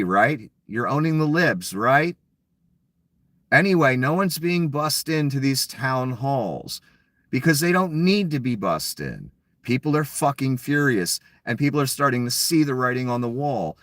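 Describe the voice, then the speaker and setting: A man's voice: mid-range voice, a bit bright, dry recording. A man giving a blunt, mocking solo commentary, full of profanity. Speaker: political commentator.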